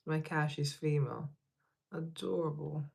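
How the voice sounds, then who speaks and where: In a gravelly, mid-range voice that runs a little slow, a livestream host reads out viewer comments and rambles casually, laughing at his own remarks.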